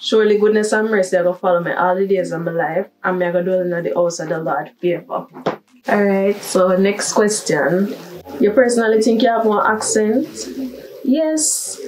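A young Jamaican woman talks in a chatty, upbeat vlog manner, her voice set at an ordinary middle pitch. She sits a little back from the microphone, so it sounds slightly distant. She moves easily between standard English and patois. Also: moderate pace, a little mellow. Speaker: vlogger. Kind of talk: casual accent-tag vlog.

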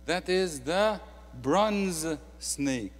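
A man's voice: sits high, animated, drawn-out words. Egyptian-accented male preacher in a reverberant hall. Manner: swings from quiet intimate asides to loud emphatic declarations. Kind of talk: sermon.

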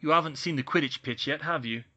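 A man's voice: a little high, quick pace, pushed and bright, muffled recording, voice pushed up. A man reading an offhand teenage boy wizard. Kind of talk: audiobook reading of fan fiction.

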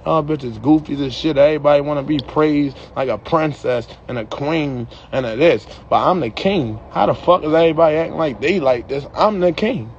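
A man's voice: a little high, normal speed, few pauses, highs cut off, a little hiss or hum. A young man in a heated, profane rant to the camera, ending his lines with "yo". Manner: profane, heated, repeats "yo" at line ends.

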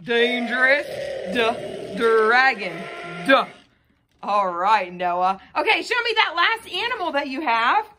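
A woman's voice: a little high, sing-song, takes it slowly, bright, forceful tone. A woman teacher giving a phonics lesson to a child, patiently sounding out letter sounds.

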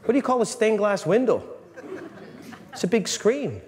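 A man, a priest, giving an animated, joking talk to a live audience, often restarting his sentences. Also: high voice, moderate pace. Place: large hall. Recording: long reverb in a hall, faint room noise.

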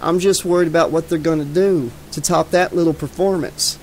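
A man's voice: fairly high pitch, fairly even intonation, a little fast, slight background noise, natural voice, poor audio. A man voicing a young woman who sounds tired and resigned. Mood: weary. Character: weary young woman, uneasy girlfriend.

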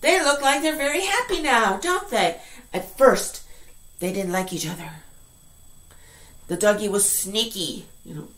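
A woman teacher giving an online class to English learners, speaking slowly and clearly in an encouraging way. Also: medium pitch, lively intonation, fairly bright tone. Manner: slow, clearly enunciated, encouraging.

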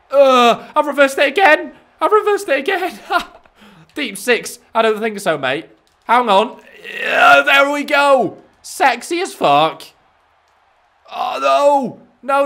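Excitable young man, lively and bright. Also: high-pitched. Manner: excitable, cheeky, swears, talks to the screen. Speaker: gaming YouTuber. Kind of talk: live gameplay commentary.

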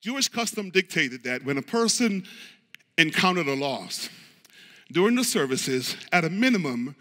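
A pastor preaching a sermon with passion, calling out to the congregation and moving between shouting and hushed, low talk. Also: male voice, sing-song, normal speed. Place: church sanctuary. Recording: long hall reverb.

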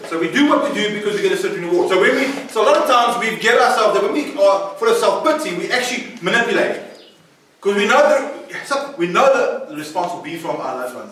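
Male pastor, high voice, loose laughing preaching style heavy on rhetorical questions; distant mic in a very reverberant hall. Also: fairly bright tone, slight background noise. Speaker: pastor teaching at a recovery centre. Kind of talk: informal preaching to a group. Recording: echoey room, voice from far off the mic.

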